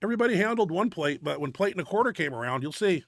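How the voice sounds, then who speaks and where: A winded middle-aged man with a gravelly, fry-laden voice, talking through gym clips in blunt, cursing commentary. His voice sits a little high for a man and sounds close and dry, with no room around it. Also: animated, very fast, a bit bright, dry recording. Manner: blunt, profane gym talk. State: winded and out of breath. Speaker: host of a powerlifting video show. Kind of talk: casual commentary over lifting videos.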